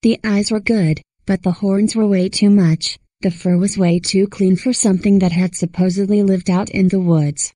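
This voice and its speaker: A woman narrating a scripted horror story in a steady storyteller's reading. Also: mid-range voice, moderate pace, few pauses, dry recording, rough recording.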